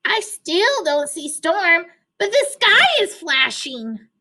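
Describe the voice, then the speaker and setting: A woman reading a storybook aloud, voicing an excitable male duck in high, urgent calls. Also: slow, full character voice. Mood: excited.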